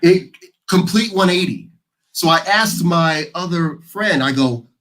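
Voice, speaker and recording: A man's voice: a little high, measured pace. American guy hosting a live panel chat, tells stories and acts out voices. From United States. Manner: animated storyteller, acts out quoted voices. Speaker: panel host. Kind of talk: casual panel discussion.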